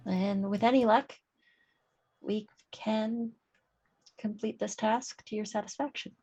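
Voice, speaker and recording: A woman speaking in character at a tabletop game, slow and halting with many ums. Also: medium pitch, steady tone, dark tone, breathy edge, muffled recording. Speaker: player.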